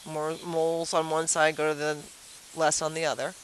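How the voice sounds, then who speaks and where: A woman's voice: low-pitched, little pitch movement, normal speed, a little hiss or hum, low-quality recording. A woman teacher giving a chatty review lesson at a whiteboard, asking the class questions and explaining with playful everyday comparisons.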